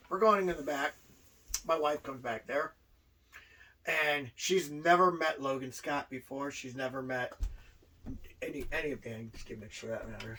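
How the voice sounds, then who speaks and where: Animated high-voiced male storyteller. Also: far from the mic, poor audio. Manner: animated, repeats and restarts words as he tells stories. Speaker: podcast co-host, wrestler. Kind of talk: casual storytelling chat.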